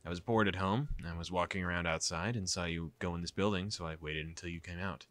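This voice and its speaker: A man voicing a jealous, possessive young man in a visual novel, flat and sarcastic. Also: sits low, fast, no room sound. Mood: sullen.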